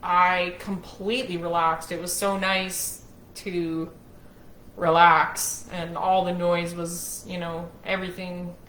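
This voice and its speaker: A frank woman recounts her own experience in a slow, unhurried way, her tone bright and a bit sharp. She speaks candidly and unashamedly. The room around her rings with a roomy echo. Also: lowish voice, slight background noise. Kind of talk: personal storytelling to camera.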